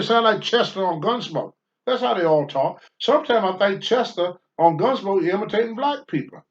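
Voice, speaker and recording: A man's voice: high voice, animated, normal speed. An older man, a former pro wrestler, speaking bluntly and with profanity as a talk-show guest. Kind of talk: candid talk-show storytelling. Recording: dull lo-fi sound.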